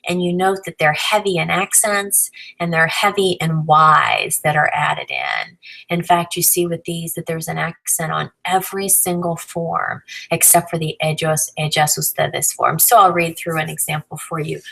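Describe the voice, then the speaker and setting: A woman with a low voice and a gravelly edge gives a recorded lesson. She explains grammar patiently, step by step, and spells out letters along the way. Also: lively intonation, moderate pace, bright, forceful tone, rough recording. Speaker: Spanish teacher.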